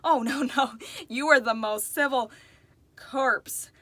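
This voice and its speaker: A woman voicing an excitable young woman who gushes and exclaims. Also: high-pitched, takes it slowly, no echo, full character voice. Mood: gushing. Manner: gushing, exclamatory.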